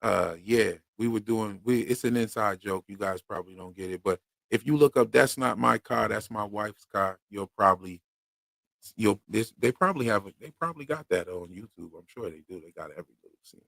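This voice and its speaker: A man's voice: on the low side, fairly quick, creaky, a bit bright, no room sound. A man from Pennsylvania with a Philadelphia accent, co-hosting a loose, slangy livestream chat and reading viewer comments aloud. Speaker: podcast co-host.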